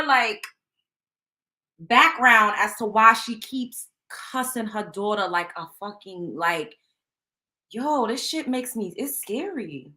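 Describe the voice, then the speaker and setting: Bright-voiced woman host, indignant. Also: a little high. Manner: indignant, emphatic, casual. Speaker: show host. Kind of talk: reaction commentary.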